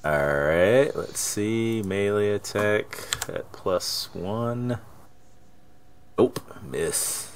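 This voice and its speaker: A man playing in a tabletop game, talking casually and slowly with frequent chuckles. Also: on the low side, noisy background. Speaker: player.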